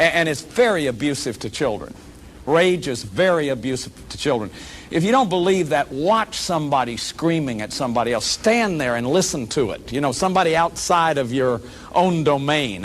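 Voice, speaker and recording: A man giving a workshop lecture to an audience, talking animatedly, acting out quoted voices and often restarting his sentences. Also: a little high. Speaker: lecturer on shame and addiction.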